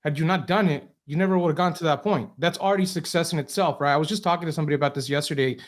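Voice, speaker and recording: A man hosts a casual podcast and answers his guest with encouragement. He speaks quickly, and his voice sits a bit high for a man. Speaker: podcast host.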